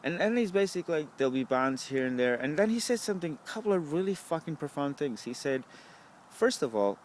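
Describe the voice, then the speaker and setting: A man's voice: fairly high pitch, sing-song, a little fast, slight background noise. A young man, rambling to the camera at a bus stop, swearing often and asking "right?" a lot. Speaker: vlogger.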